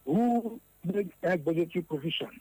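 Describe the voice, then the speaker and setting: A man's voice: high-pitched, lively intonation, a little mellow, slightly rough, no echo, rough recording. A Nigerian man calling in to a radio show, accusing officials with a run of questions. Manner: accusing, rapid rhetorical questions. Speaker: caller. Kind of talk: radio phone-in commentary.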